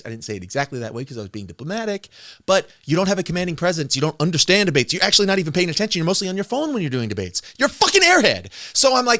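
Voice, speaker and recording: A man with a notably high voice delivers a heated, combative rant. He talks in an accusatory, profane way and hammers his points home. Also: very animated, racing, a bit bright. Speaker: streamer in an online debate.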